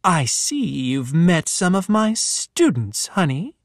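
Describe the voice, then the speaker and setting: A man voicing a cheerful woman teacher, married to a swamp monster, speaking sweetly and calmly in a storybook reading. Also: on the high side, slow pace, no room sound, studio quality, heavily acted.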